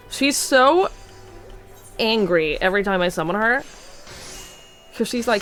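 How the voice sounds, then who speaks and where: A woman's voice: mid-range voice, lively intonation, unhurried, long pauses, fairly bright tone, soft background music. A woman streamer chatting playfully with her viewers while playing a game. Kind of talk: casual game livestream chat.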